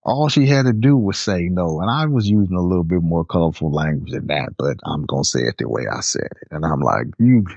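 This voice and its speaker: A man with a New Orleans accent casually telling a personal story, lively as he acts out what his friends said. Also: a little fast, gravelly, few pauses, no echo, dull audio. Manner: animated, acts out quoted friends with raised pitch. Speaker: storyteller sharing a personal experience.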